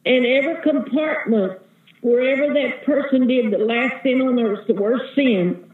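A woman's voice: high voice, measured pace, echoey room, phone-quality sound. A woman evangelist giving an earnest, vivid testimony as a guest in an interview. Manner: earnest, vivid storytelling, calls listener sister.

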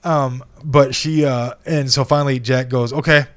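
A man's voice: mid-range voice, fairly even intonation, measured pace. A middle-aged man co-hosting a casual podcast, telling a long, profane family story full of restarts. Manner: profane, rambling anecdotes with many restarts. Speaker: podcast co-host.

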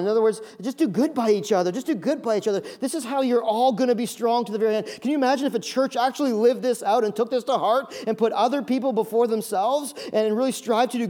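A man preaching a sermon as pastor, animated, acting out voices and repeating key phrases. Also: very high voice. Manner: animated, acts out voices of listeners.

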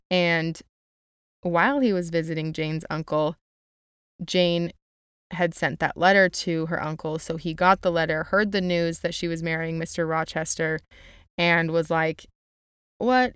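A woman's voice: fairly low pitch, smooth, dry recording, clean studio sound. A young woman summarizing a novel in a chatty, casual way, with lots of "like" and quotes read aloud. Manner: chatty, uses "like" a lot, reads quotes aloud.

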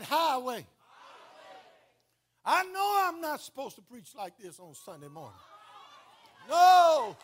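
A man preaching a call-and-response sermon as a pastor, shouting and half-singing his lines. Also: very high voice, vocal fry.

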